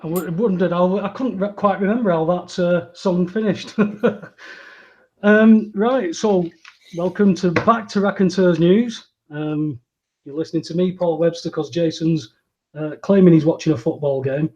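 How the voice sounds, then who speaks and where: A man hosting a casual talk show, rambling and restarting his sentences and growing animated when he agrees. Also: high voice, measured pace, muffled recording. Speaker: host. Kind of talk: casual conversational podcast chat.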